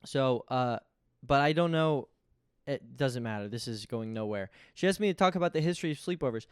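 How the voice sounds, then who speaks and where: A man's voice: medium pitch, animated, brisk, clean tone, dry recording, studio quality. A young man hosting his own podcast, talking casually in a rambling, self-deprecating way and often restarting his sentences. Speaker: podcast host. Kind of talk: casual solo podcast monologue.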